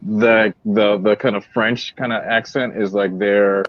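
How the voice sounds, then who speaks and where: A low-voiced man chats hesitantly on a panel and fills his talk with "like, you know". His sound comes through dull and lo-fi. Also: steady tone, unhurried, no room sound. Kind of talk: casual panel chat. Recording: dull lo-fi audio.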